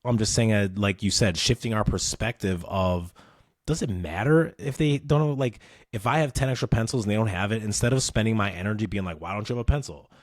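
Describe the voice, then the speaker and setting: A man in his thirties hosting an interview podcast, talking in a relaxed, conversational way and laughing easily. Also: fairly low pitch, fairly quick, no echo, studio quality. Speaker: podcast host. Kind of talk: casual interview chat.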